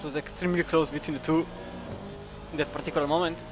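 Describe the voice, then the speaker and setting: A man's voice: a little high, little pitch movement, fast talker, music in the background. A man with an Italian accent commenting live on a sim racing endurance event. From Italy. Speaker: race commentator.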